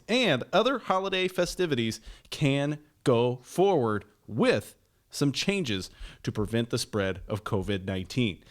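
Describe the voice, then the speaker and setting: A man co-hosting a talk podcast, teasing the host and reading news items aloud. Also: medium pitch. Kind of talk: casual talk-show banter.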